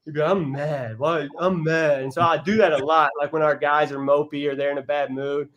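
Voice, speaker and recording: A man's voice: fairly high pitch, little pitch movement, quick pace, a bit bright, lo-fi sound, a little hiss or hum. A man, a college basketball head coach, talking on a podcast as a guest, earnest and heartfelt, with frequent restarts as he tells stories. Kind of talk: casual podcast interview storytelling.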